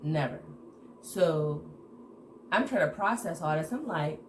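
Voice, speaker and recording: A woman telling a casual story to her viewers in an animated way, acting out the dialogue. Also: deep voice, slow pace, pauses often. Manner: animated retelling with acted-out quoted dialogue. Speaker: storytime vlogger. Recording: echoey room with background noise.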